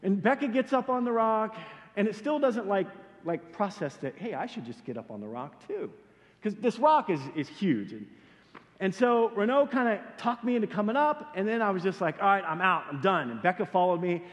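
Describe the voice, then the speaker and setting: A middle-aged man preaching and telling a story, animated and self-deprecating as he acts out his own panic. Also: high voice, moderate pace. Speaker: pastor. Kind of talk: sermon storytelling. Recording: hall with long reverb.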